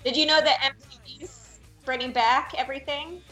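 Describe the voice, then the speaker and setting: A woman's voice: high voice, steady tone, moderate pace, pushed and bright, soft background music, rough recording. A woman co-hosting a casual podcast chat, giggly and enthusiastic. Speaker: podcast co-host.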